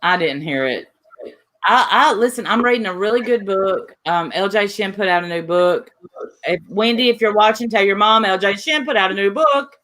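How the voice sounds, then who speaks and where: A woman's voice: medium pitch, moderate pace, fairly bright tone. A woman hosting a casual livestream, rambling and trailing off mid-sentence as she chats with her co-host.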